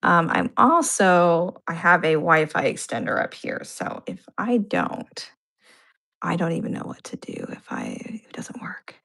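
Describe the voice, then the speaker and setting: A woman's voice: fairly low pitch, big pitch swings, unhurried, gravelly, a bit bright. A woman chatting casually on a live stream from home, rambling and self-deprecating, with many fillers. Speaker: co-host of art live stream. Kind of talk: casual chat. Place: home upstairs room.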